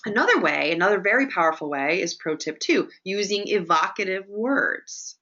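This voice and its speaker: A woman coaching an audience in a webinar, lively and chatty, often checking in with "right?" as she teaches. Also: medium pitch, normal speed, dull audio. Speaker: presentation coach hosting a webinar.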